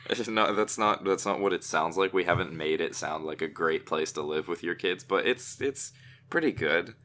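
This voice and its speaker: A man's voice: sits low, normal speed, bright, forceful tone, slight background noise. A man co-hosting a casual podcast, chatty and teasing, often stumbling over his words. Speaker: podcast co-host.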